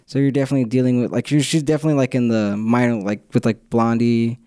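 A young man chatting casually on a podcast, his voice dark and mellow. He rambles, laughs a lot and loses his thread. The sound is dry and close. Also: mid-range voice, level tone, quick pace, clear, resonant tone, no room sound. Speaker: podcast co-host. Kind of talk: casual chat.

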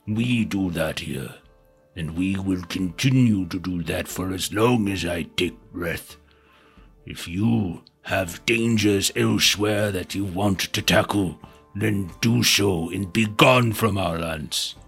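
Game master playing a severe old village elder, put-on Nordic-style accent, bright gravelly voice, unhurried. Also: male voice, deep voice, faint music behind, pitched below the performer's own voice, full character voice. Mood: stern. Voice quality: gravelly, slow and measured. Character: stern old northern village elder, man. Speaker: game master voicing a character.

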